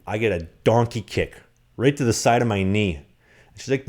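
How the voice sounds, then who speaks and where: A man co-hosting a podcast, telling rambling, animated stories in casual chat. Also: lowish voice, moderate pace. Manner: animated, rambling anecdotes with acted-out quotes. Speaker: podcast co-host. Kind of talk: casual storytelling.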